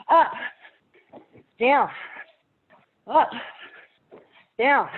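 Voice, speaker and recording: A woman fitness instructor with a lilt, a bit out of breath, counting down reps and calling out encouragement. Her voice sits fairly high. The sound is thin and tinny, like a phone line. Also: animated, extremely slow, long pauses, a little hiss or hum. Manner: encouraging, counts down reps, laughs between cues. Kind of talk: live workout class cueing.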